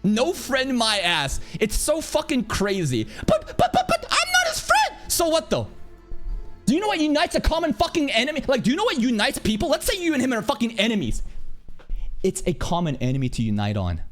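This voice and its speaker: A man streaming an angry rant, aggressive and profane, speaking in a rapid, assertive way. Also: extremely high pitch, huge pitch swings, a bit bright, soft background music.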